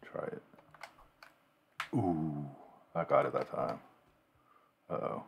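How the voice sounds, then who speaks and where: A man's voice: a bass voice, slow, gravelly, breathy edge. A man casually commenting on the game he is playing, mumbling and thinking aloud to himself. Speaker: gamer playing a game on video.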